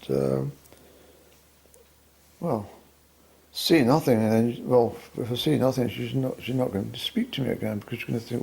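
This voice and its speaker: A man with a Scottish accent rambles at home in a solo fireside-style monologue. His voice is gravelly and mellow, and he pauses often, musing wryly and halting over his words. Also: medium pitch. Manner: wry, musing, halting with many fillers. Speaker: vlogger.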